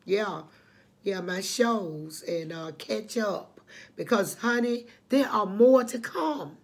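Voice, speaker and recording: A woman's voice: medium pitch, expressive, slow pace, breathy edge. An older woman hosting her own channel, telling her life story to the camera in an emotional, preachy way, calling listeners honey and repeating herself. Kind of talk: emotional personal testimony to camera.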